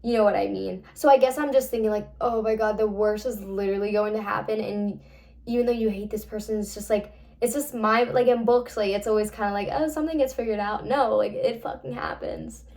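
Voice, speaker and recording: A woman's voice: fairly high pitch, a little fast, gravelly, a little mellow. Young woman rambling through a book recap. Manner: rambling, swears freely, heavy filler "like". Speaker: book reviewer.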